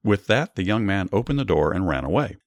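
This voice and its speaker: Deep-voiced man reading Bible stories. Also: big pitch swings, no echo, studio quality. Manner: measured, earnest reading, small restarts in commentary. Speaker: storyteller and Bible teacher. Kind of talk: Bible story narration with commentary.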